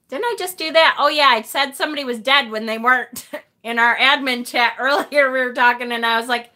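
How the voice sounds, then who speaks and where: A woman with a high, bright voice chats casually through a tarot livestream. She is self-deprecating, laughs easily and lets a swear word slip now and then. Her tone is loose and friendly, as if talking straight to viewers. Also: moderate pace. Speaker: tarot reader hosting a livestream. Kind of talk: casual livestream chat, reading viewer comments.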